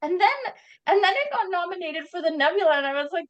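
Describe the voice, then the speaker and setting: A Canadian-accented woman, appearing as a guest author, chats animatedly about her writing in a casual interview. Her voice is very high and sing-song, she talks fast, and the audio is poor.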